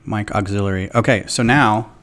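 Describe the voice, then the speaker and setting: A man's voice: fairly low pitch, steady tone, moderate pace, fairly bright tone. A man hosting a casual live stream at his home building table, thinking aloud with jokey asides, close to a desktop microphone. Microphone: desktop USB microphone close to the speaker. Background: ambient music from a laptop.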